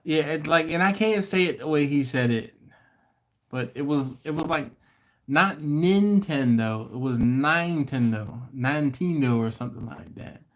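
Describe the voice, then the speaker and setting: A man's voice: fairly high pitch, expressive, moderate pace. A man hosting a casual livestream, chatting and rambling, often laughing and restarting his sentences. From not from Baltimore. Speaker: livestream host. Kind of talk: casual live-stream chat.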